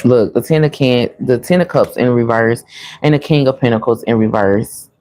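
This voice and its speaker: A woman's voice: rumbling low, moderate pace, a little mellow. A woman giving a casual, chatty tarot reading to her viewers, laughing often and calling them y'all. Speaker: tarot reader.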